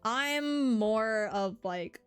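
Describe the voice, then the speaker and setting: A woman's voice: on the high side, animated, extremely slow, clean tone, faint music behind. A woman from the American South with a slight Southern accent, chatting casually on a live stream as its host and answering her chat in a rambling way. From Southern United States.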